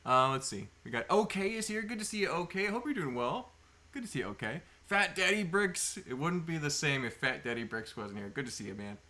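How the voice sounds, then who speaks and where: This man runs a casual livestream from an indoor table of sorting bins, talking with viewers, naming them as he greets them, and filling gaps with plenty of fillers. He speaks at a moderate pace in a fairly high, sing-song voice with a bright, forceful tone.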